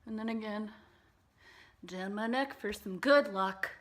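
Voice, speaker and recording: A woman's voice: medium pitch, a little slow, fairly bright tone. A woman vlogger chatting casually through a makeup tutorial, bubbly and full of fillers, sometimes dropping into whispered asides. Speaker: beauty vlogger.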